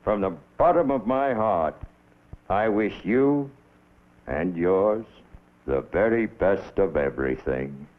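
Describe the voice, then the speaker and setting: An actor playing a jolly, warm-hearted old Santa Claus in 1960s film dialogue, giving jovial, booming farewells. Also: male voice, animated, slow, slight background noise. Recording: dull old film soundtrack with music.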